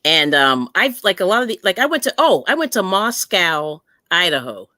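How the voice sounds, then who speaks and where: A woman's voice: fairly low pitch, moderate pace, no room sound, studio quality. A woman chatting casually on a livestream, playful and laughing. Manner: laughing, playful, very animated delivery. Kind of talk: casual chat.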